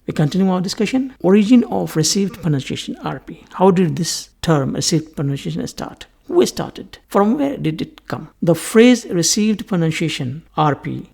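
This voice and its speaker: A man's voice: a little high, vocal fry, darkish tone, slightly rough. A man giving a recorded English language lecture, methodically repeating key terms and moving on with set phrases. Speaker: English teacher.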